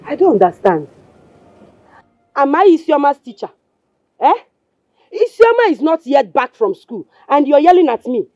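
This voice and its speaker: An actress playing a scornful, jealous wife with a Nigerian accent, mocking and dismissive. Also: female voice, high-pitched, sing-song, moderate pace, long pauses, dark tone, no room sound, muffled recording, soft background music. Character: scornful jealous wife, sharp-tongued, suspicious. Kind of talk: Nollywood film acting.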